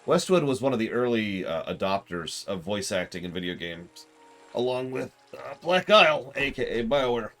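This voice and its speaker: A man's voice: mid-range voice, sing-song, normal speed, a bit bright, soft background music. A man streaming a game live, chatting casually and rambling with self-deprecating asides.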